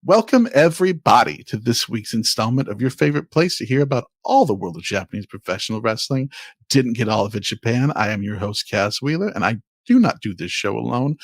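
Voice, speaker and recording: A man's voice: medium pitch, vocal fry, no echo. A man hosting a podcast, reading intros and promos in an upbeat, emphatic, announcer-style way on a close mic. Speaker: podcast host. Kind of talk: casual podcast chat and promo reads.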